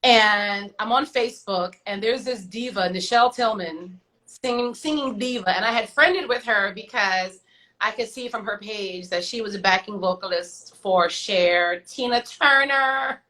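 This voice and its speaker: A woman guest on an online show, telling her stories in a lively, chatty way. She acts out the voices of the people in them and drops in slangy asides. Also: medium pitch, measured pace, low-quality recording. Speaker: guest singer. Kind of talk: casual storytelling. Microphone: video call.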